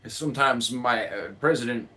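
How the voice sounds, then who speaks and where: A man's voice: medium pitch, normal speed, sharp tone. A man from the United States who runs the chat on a live cooking stream, rambling and joking and laughing often. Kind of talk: casual livestream chat.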